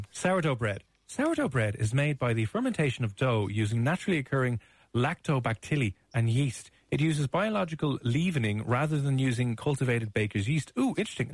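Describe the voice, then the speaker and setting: A man's voice: mid-range voice, big pitch swings, a little fast, husky, dry recording. A man hosting a radio show, teasing his co-host in casual banter. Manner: teasing, mock-posh.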